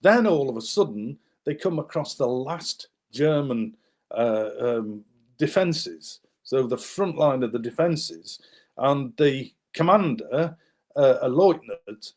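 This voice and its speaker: A man's voice: medium pitch, takes it slowly. A man, guest author, animatedly recounting a wartime story while showing maps, with many fillers and restarts. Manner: animated, acts out the people in his story.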